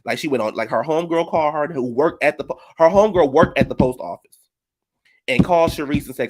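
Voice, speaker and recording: A man's voice: on the high side, quick pace, darkish tone. A man giving a sassy reality TV reunion recap, flamboyant, shady and theatrical. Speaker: reality TV commentator.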